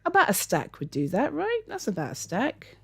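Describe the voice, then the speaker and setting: A woman's voice: on the high side, wildly swooping pitch, moderate pace, creaky, breathy edge. A woman host giving rambling, casual gameplay commentary from a home setup, laughing often and muttering asides to herself. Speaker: gaming channel host.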